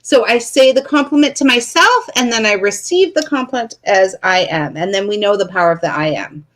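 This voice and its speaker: A woman co-hosting a casual coaching chat, enthusiastic and quick to laugh. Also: a little high, animated, a bit bright. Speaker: co-host.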